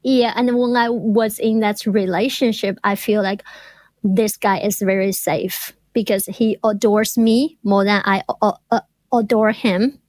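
A woman's voice: mid-range voice, fairly even intonation, a little slow, darkish tone, dry recording. A woman who stutters, speaking earnestly and reflectively as an interview guest. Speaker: doctoral student in speech pathology. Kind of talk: interview conversation.

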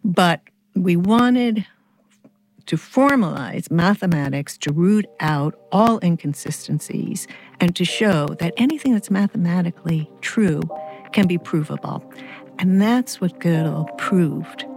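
A woman explaining ideas carefully in a conversation, thoughtful and measured, pausing as she works through examples. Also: on the low side, lively intonation, a little mellow, soft background music. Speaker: guest expert.

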